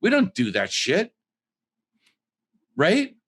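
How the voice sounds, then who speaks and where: A man hosting a podcast over a video call, talking in a loose, rambling way with swearing, swinging from loud joking to soft emotional moments. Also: high voice, wildly swooping pitch, slow pace, husky. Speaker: podcast host.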